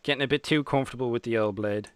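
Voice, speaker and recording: A man's voice: mid-range voice, rapid-fire, clean tone, dry recording. A young Irish man hosting a casual live chat, joking and teasing his guest. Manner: jokey, teasing banter. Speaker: host.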